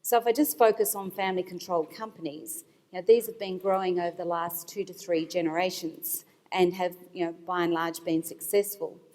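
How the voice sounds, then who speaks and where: A woman panelist speaking as an institutional investor, explaining her points in a measured way with some fillers, at a conference. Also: fairly low pitch, fairly even intonation, dark tone. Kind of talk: panel discussion remarks. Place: conference hall. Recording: long hall reverb. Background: hall reverb.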